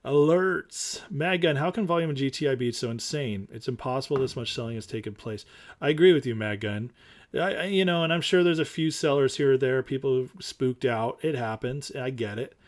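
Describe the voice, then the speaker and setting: A man's voice: medium pitch, brisk. Rambling, emphatic male livestream host. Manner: rambling and emphatic, with fillers and restarts. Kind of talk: casual livestream chat, reading viewer comments.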